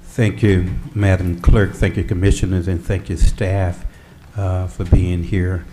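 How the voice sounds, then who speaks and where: A man's voice: low voice, little pitch movement, measured pace, dark tone, a little hiss or hum. A man, the mayor, opening a city workshop in a formal, scripted way. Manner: formal, reads procedural script. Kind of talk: chairing a public meeting.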